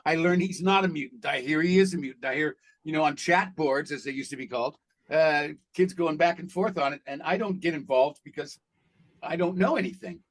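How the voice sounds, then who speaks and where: Husky guy voice actor swapping stories, kinda high for a man, lively, laughs a lot. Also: a little fast, poor audio. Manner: animated raconteur who laughs and acts out quotes. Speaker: voice actor guest. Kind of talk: casual interview storytelling.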